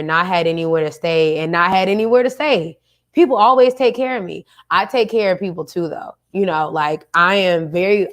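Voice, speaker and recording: A woman host talks casually to her audience in a slightly low voice. Her delivery is lively and full of slang, as if chatting with friends. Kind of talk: casual talk to viewers.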